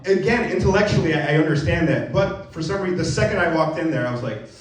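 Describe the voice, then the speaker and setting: A young man doing a self-mocking stand-up comedy set, jumping into acted voices and going from mumbled asides to loud punchlines. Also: quick pace. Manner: animated, self-mocking, jumps into high-pitched acted voices. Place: comedy venue with a live audience. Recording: roomy, distant live club recording with crowd laughter. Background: audience laughing.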